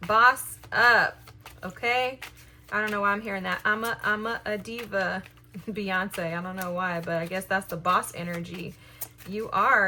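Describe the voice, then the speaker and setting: A woman walks her viewers through a tarot spread, her bright voice upbeat and encouraging. She speaks straight to her audience at a medium pitch, keen and warm in her pep talk. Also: slight background noise. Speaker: tarot reader. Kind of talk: collective tarot reading to camera.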